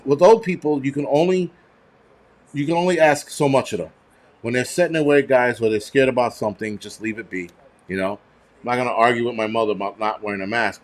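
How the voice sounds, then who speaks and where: With a medium-pitched voice, a middle-aged host rants through an informal livestream chat, swearing heavily and bursting out animatedly.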